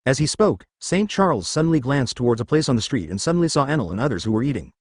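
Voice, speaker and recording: Brief: male storyteller, animated pitch, a very dry recording. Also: fast talker, husky, no room sound. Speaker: narrator. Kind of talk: scripted story narration.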